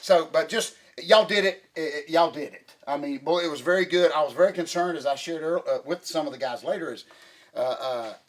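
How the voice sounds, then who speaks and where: Excitable rambling man. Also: fairly high pitch, a little fast, slight background noise. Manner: excitable, rambling with many restarts. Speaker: podcast host. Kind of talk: casual chat.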